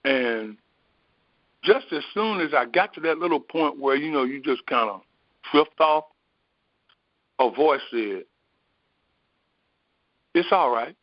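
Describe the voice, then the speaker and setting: A man in the role of a spiritual teacher, telling a personal story in an unhurried, meandering way, often pausing on fillers. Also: medium pitch, animated, dry recording. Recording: dry, dull lo-fi recording.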